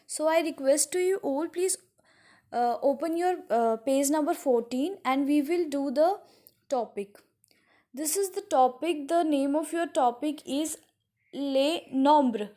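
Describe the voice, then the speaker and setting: A young woman teacher with an Indian English accent, explaining a language lesson slowly, repeating words and pausing with fillers. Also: high voice, dark tone. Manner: slow, repetitive teaching with frequent uh fillers. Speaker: French teacher. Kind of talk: classroom lesson.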